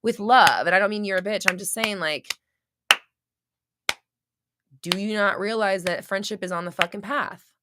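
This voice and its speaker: A woman hosts a casual live podcast show, answering listeners frankly, swearing often, full of fillers and restarts, and acting out little scenes in quoted voices. Her medium-pitched voice has fairly even intonation and a moderate pace, with frequent pauses. Heavy background noise fills the recording.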